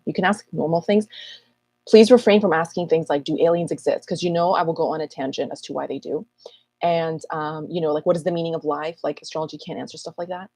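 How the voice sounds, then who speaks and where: A woman astrologer hosting a casual live Q&A, chatty and rambling with self-mocking asides, her voice a little husky this morning. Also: sits low, fairly even intonation, a little fast, warm tone, dry recording. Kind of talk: casual livestream chat.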